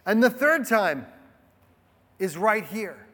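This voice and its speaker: High-voiced man preaching in a reverberant hall. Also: sing-song, takes it slowly, long pauses, fairly bright tone, breathy edge. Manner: conversational preaching, rhetorical asides. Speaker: pastor. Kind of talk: sermon.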